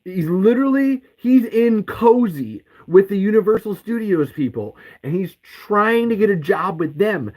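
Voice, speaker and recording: A man with a high voice rants furiously as a podcast host. He swears constantly and repeats the same curses over and over. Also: rough recording. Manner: profane, heated, repeats curses. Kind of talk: angry ranting podcast monologue.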